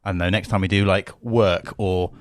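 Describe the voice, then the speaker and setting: Low-voiced blunt man. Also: fairly even intonation, normal speed, no echo, studio quality. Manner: blunt, jokey, thinks aloud. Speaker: podcast co-host. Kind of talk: casual banter.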